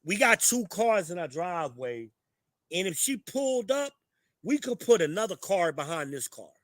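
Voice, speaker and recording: A middle-aged man talks straight at his audience in a blunt, profane rant, pitched a bit higher than most men. The sound is close and dry, with no room around it. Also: sing-song, normal speed, no echo. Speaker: show host. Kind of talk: ranting commentary to a live chat.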